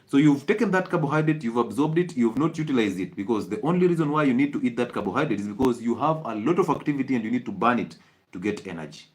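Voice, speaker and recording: A Kenyan-accented man delivers a health talk as a doctor. He presses his points hard, fires off rhetorical questions and repeats key phrases for emphasis. His voice sits at an ordinary male pitch. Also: lively intonation, fast talker.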